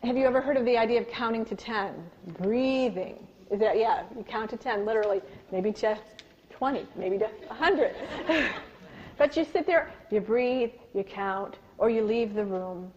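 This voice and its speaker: At a normal speed, a woman who speaks on parenting and communication gives a live workshop talk full of personal stories and questions for the room. Her fairly high voice turns high and loud for acted-out yelling, and the dull lo-fi audio has a little hiss or hum.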